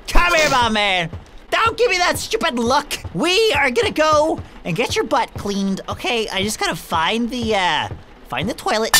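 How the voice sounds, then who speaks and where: High-pitched woman playing a game, jumpy and excited, voice swings all over, music playing. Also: measured pace. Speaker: gaming channel host. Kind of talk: let's play commentary.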